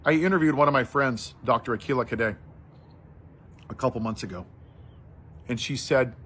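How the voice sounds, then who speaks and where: A man giving impassioned social commentary, telling a story and then building to forceful outrage. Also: medium pitch, normal speed, a little hiss or hum.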